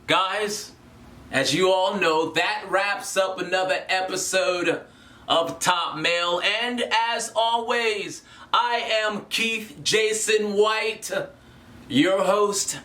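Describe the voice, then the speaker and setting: A man's voice: slow pace, reverberant. A man hosting his own vlog, giving blunt, earnest grooming advice straight to the viewer. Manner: blunt and earnest, lively swings in pitch. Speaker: channel host. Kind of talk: direct-to-camera grooming advice.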